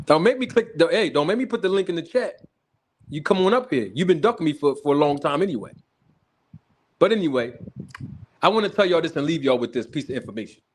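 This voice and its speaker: Lively high-voiced man hosting a livestream. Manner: animated, laughs often, greets viewers in the chat. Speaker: host of a boxing talk livestream. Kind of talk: casual livestream commentary.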